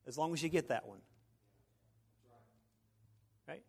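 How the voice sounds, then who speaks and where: A male pastor preaching a sermon in church, animated and folksy, swinging from punchy emphasis to hushed, near-whispered lines. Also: high voice, a little slow, long pauses. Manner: folksy, joking asides. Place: church sanctuary, evening service.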